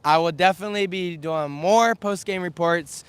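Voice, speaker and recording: A man's voice: high voice, moderate pace, clean tone, no room sound. A young man recovering from a slightly scratchy voice, talking energetically through a live sports recap outdoors on a windy day, speaking to a camera on a stand. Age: young adult. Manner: energetic, chatty, lists stats. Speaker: sports vlogger. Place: outdoors outside a stadium, windy.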